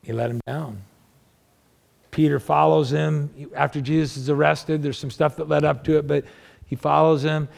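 A male pastor with a strongly gravelly, rough edge to his voice, pitched a little higher than most men. He preaches conversationally, firing rhetorical questions at the congregation and swinging between emphatic raised lines and low, quiet asides. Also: fairly even intonation, moderate pace. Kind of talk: sermon.

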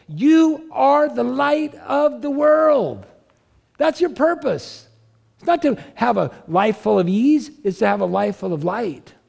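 A male pastor delivers a sermon with a strongly gravelly, creaky voice pitched a little high for a man. He talks to the congregation conversationally, throws out rhetorical questions and climbs higher in pitch when he stresses a point. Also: a little mellow.

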